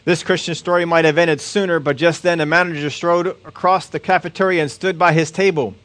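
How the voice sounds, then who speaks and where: A man preaching, reading a story aloud as a sermon illustration at a steady storytelling pace. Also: fairly high pitch, a little fast, dry recording. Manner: steady storytelling, occasional slips.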